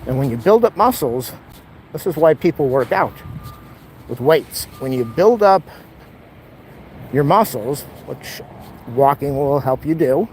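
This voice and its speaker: A man chats to the handheld camera he carries as he walks outdoors. His talk is rambling, wry and blunt, and his voice sits a bit high. A faint hum of city traffic runs underneath. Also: animated, unhurried, long pauses, darkish tone, low-quality recording. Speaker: vlogger. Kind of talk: casual walking vlog monologue. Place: outdoors on city streets and lawns. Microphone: camera held while walking.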